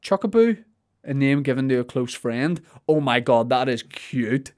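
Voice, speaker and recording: A man's voice: mid-range voice, animated, moderate pace, darkish tone. A man, a comedian riffing playfully through a podcast monologue with plenty of swearing.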